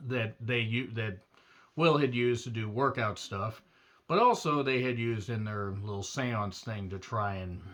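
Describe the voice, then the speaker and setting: A man's voice: medium pitch, a bit bright. Rambling, wry man reviewing a movie. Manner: rambling, wry, with frequent filler words and self-corrections. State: throat strained from doing a demon voice. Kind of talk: casual spoilery movie review.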